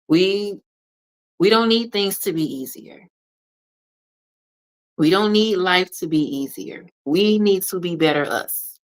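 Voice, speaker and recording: This consultant's motivational monologue comes in a woman's notably low voice with a touch of brightness. She lectures the listener directly and emphatically, repeating crucial lines to hammer them in, on a rough recording.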